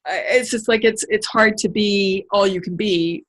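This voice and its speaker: A woman's voice: mid-range voice, steady tone, moderate pace. A woman business coach hosting a casual conversation, affirming and encouraging her client.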